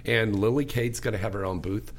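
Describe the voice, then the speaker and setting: A man's voice: fairly low pitch, brisk. A man hosting a talk radio show, chatting in an effusive, enthusiastic way.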